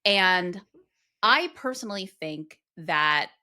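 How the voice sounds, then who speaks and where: A woman's voice: lowish voice, expressive, slow, sharp tone. A woman co-hosting a podcast, chatting at length and explaining background in a casual way. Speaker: podcast co-host. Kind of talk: casual chat.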